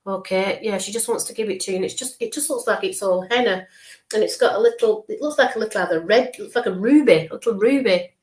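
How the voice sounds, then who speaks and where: A woman in a mid-pitched voice, neither high nor low for a woman, gives a live psychic reading. She talks softly and reassuringly, builds up each image through repetition, and keeps checking in with her listener. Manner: describes visions slowly, checks in with frequent okays. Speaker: spiritual medium.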